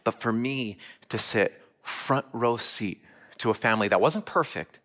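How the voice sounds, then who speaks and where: A man's voice: medium pitch, unhurried, pushed and bright. A man giving a sermon, telling a personal story earnestly and asking the listeners direct questions. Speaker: church speaker.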